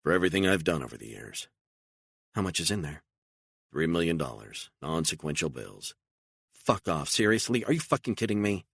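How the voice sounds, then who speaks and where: A man's voice: sits low, very animated, moderate pace, creaky, fairly bright tone, slightly rough, dry recording, voice pushed up, exaggerated voice. A man voicing an anxious, pleading woman. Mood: incredulous. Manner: pleading, incredulous, raising voice. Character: frightened, emotional adult woman on the run.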